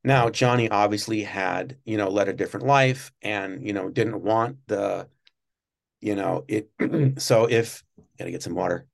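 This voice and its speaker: A man being interviewed, telling long, rambling stories about his work at a TV studio and breaking into quick impressions of people. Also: fairly low pitch, vocal fry. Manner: rambling, many restarts, animated when mimicking others. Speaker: guest recalling work at a TV studio. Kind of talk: casual interview storytelling.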